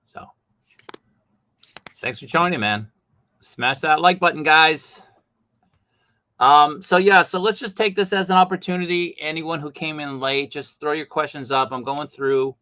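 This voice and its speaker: A man hosting a casual livestream chat about collectible figures, talking animatedly, his voice jumping high when he gets exasperated. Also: unhurried, long pauses, bright, forceful tone, no room sound, muffled recording. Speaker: host.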